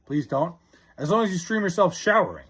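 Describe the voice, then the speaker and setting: A young man talks off the cuff on a live stream, rambling, swearing and restarting his sentences. His voice sits a bit high and swings a lot in pitch, with a husky edge. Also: sing-song, brisk, fairly bright tone. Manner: rambling, profane, with frequent restarts. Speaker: livestreamer reading chat. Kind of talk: casual live-stream chat.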